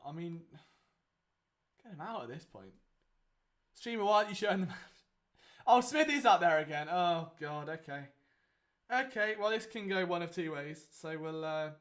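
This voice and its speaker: A young man with a high, slightly bright voice hosts a casual live watchalong. He comments on the game in a chatty, rambling way with plenty of fillers.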